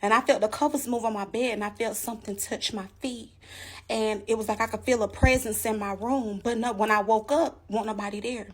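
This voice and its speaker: Woman storyteller, fairly high voice, emphatic and animated, addresses the audience directly. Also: brisk, slightly rough. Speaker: storyteller giving a testimony. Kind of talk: casual storytelling to viewers.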